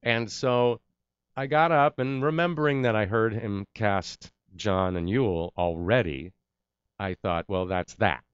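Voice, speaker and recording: An actor appearing as an interview guest tells an anecdote with animation, acting out what the people in it said. His lowish voice is clear and resonant at a measured pace, with no room sound and the highs cut off.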